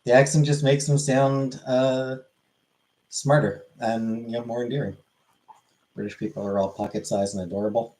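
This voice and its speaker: A man's voice: mid-range voice, steady tone, moderate pace, a little mellow, rough recording. A man on a live stream, casually answering questions from chat and swearing freely.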